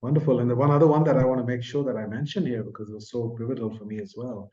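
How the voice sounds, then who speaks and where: A man in his sixties from India, a podcast guest telling a personal story in an earnest, soft-spoken way that trails off at the ends of phrases. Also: medium pitch, steady tone, rapid-fire, muffled recording. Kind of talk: reflective storytelling in an interview.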